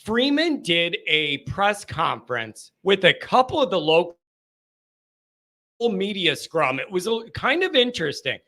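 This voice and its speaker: Male call-in host, high bright voice, hyped and riffing. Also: very animated, unhurried. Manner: hyped, loud, riffing storyteller. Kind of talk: excited live call-in chat.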